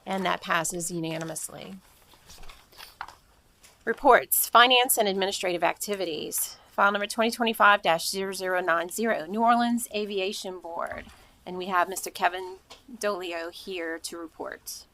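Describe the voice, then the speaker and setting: A woman chairing a council meeting, reading out agenda items and procedures in a measured, formal way. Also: lowish voice, sharp tone.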